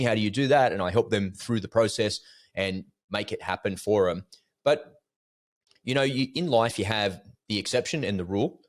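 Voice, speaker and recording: A man's voice: fairly low pitch, no room sound, clean studio sound. A man co-hosting a casual podcast, telling stories animatedly and acting out callers' voices. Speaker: podcast co-host.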